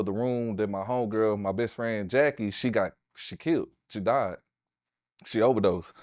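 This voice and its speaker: A man in his thirties from Houston talks with a Southern Texas accent, cursing freely as he tells his story. He jumps up high and loud when he acts out other people. The sound is dry and a little dull. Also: no room sound. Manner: animated, profane, raises pitch for quoted voices. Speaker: interview guest, tattoo artist. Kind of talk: casual storytelling.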